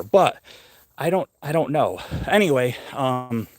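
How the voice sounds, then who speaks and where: Walking outdoors in a cemetery, a middle-aged man hosts a casual live stream on his phone, a little short of breath, his mid-range voice very animated at a moderate pace. He rambles loosely and curiously, chatting with viewers, and the sound is dry and close with no room echo.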